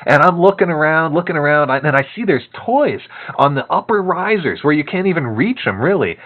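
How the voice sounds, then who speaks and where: A man casually telling a long story to a co-host, animated and laughing often, with many fillers. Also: a little high, brisk, narrow, tinny audio.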